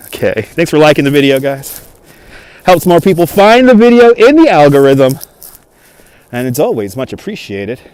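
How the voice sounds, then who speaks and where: Strolling outdoors through a snowy city park, a New York-accented man hosts a casual livestream on a gimbal-mounted phone camera, laughing a lot and reading comments out. His clean, slightly mellow voice is on the high side with big pitch swings, a moderate pace and no room sound.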